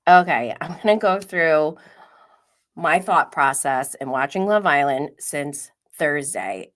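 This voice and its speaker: Woman recapping reality tv live, unhurried, gossipy, laughs a lot, whispers the juicy bits. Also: lowish voice, fairly bright tone. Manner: gossipy, chatty, drops to a whisper and laughs often. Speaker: host of a reality TV commentary live stream. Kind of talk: casual live-stream commentary.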